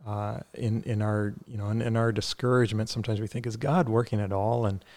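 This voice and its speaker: A man's voice: on the low side, steady tone, fairly quick, darkish tone. A man talking earnestly on a faith podcast, with many fillers and restarts, then leading a prayer.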